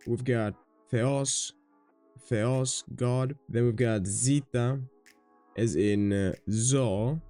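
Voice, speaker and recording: A man's voice: medium pitch, warm tone. A man giving a playful, jokey video lesson on his alphabet, swearing now and then. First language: Greek. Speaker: language teacher.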